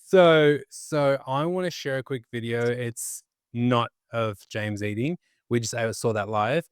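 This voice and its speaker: A man co-hosting a podcast, telling an anecdote excitedly with frequent restarts. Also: medium pitch, a little slow, clear, resonant tone, no room sound, clean studio sound. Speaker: podcast co-host. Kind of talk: casual anecdote.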